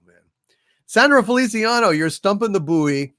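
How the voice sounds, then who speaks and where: A man's voice: high-pitched, expressive, normal speed, fairly bright tone, no echo, studio quality. A man hosting a live stream, reading out viewer super chats, playful and self-mocking, a bit tired. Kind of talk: casual live-stream chat.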